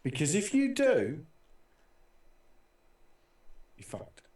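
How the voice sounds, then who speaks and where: A man's voice: fairly high pitch, wildly swooping pitch, measured pace, a little mellow. A man co-hosting a casual talk show over a call, speaking hesitantly with many restarts. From outside the United States. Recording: echoey room, far from the mic.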